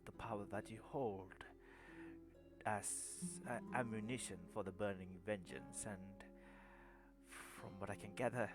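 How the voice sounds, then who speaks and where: A man voicing a defeated male clan leader who speaks in a trembling, sobbing, halting voice. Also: on the low side, fairly even intonation, music in the background, natural voice. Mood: despairing.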